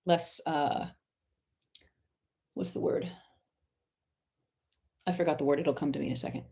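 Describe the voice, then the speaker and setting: A woman's voice: deep voice, fairly even intonation, unhurried, vocal fry, breathy edge. Impassioned woman coaching artists live. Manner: emphatic, impassioned, direct; warmly encouraging to the questioner. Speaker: art coach and live-stream host.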